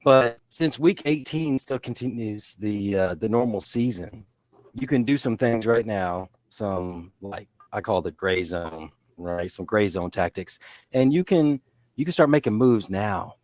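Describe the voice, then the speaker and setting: A podcast co-host with a fairly low, darkish voice chats casually about fantasy sports at a measured pace, sounding animated. He rambles, full of fillers, restarting sentences often. The recording has no echo.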